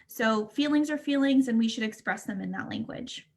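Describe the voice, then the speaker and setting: A woman speaking in a calm, explanatory way as a mental health speaker in a casual discussion. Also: fairly high pitch, normal speed.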